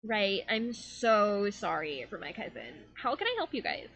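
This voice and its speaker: A woman's voice: mid-range voice, very animated, unhurried, fairly bright tone, heavily acted, poor audio. A woman voicing a ditzy, rambling young fairy enchantress with bubbly chatter and lots of fillers, in a tabletop game.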